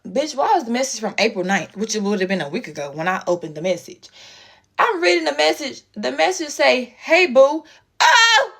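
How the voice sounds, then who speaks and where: Animated woman telling a story. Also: mid-range voice. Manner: animated, profane, slangy storytelling with quoted voices. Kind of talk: casual story time.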